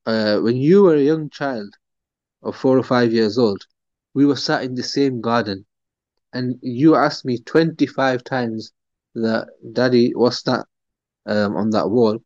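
A man voicing a patient, gentle elderly father in a story told during a lesson. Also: medium pitch, unhurried, no echo, natural voice. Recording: dull, dry recording.

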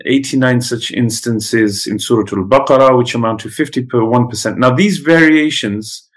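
A teacher whose first language is Pashto lectures students conversationally, with many fillers and restarts. His voice is mid-range and his pace moderate, and the recording is rough.

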